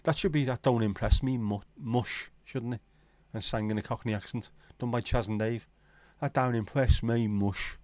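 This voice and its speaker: A man's voice: mid-range voice, fairly even intonation, moderate pace, few pauses, a little mellow, dry recording. A man hosting a casual livestream, rambling and joking with viewers and swearing casually. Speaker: livestream host. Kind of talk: casual chat reading viewer comments.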